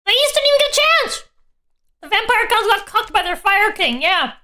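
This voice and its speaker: Very high, bright excitable woman streamer. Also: moderate pace. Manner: excitable, swears a lot, reads game text aloud. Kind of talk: casual live-stream reactions while playing a text game.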